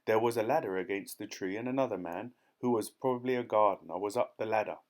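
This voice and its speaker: A man narrating a children's audiobook in a clear, steady storytelling manner. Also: lowish voice, fast talker. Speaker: audiobook reader.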